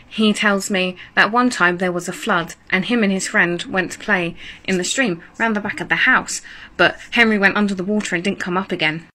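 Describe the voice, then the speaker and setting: Chatty mum with a bright voice. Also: female voice, medium pitch, poor audio. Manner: wry, chatty, disbelieving. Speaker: mother telling a story. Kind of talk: casual storytelling to camera.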